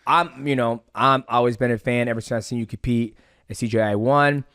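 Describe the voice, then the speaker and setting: A man in the host's chair, chatting casually and getting animated as he tells his stories. He swears freely and slips into voices for the people he quotes. The recording is close and dry, with almost no room sound. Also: mid-range voice, fairly quick, smooth, no echo. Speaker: podcast host. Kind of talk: casual storytelling chat.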